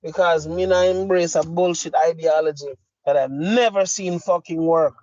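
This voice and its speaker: A man's voice: fairly high pitch, fairly even intonation, normal speed, warm tone, dry recording. A middle-aged man with a Jamaican accent, a podcast co-host delivering a heated, profane, emphatic rant. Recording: dry, slightly muffled lo-fi audio.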